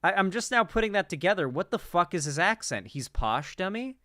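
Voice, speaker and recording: A man's voice: sits high, lively intonation, fast, a bit bright, dry recording, studio quality. A man streaming casual political reaction commentary, rambling and swearing with incredulous asides.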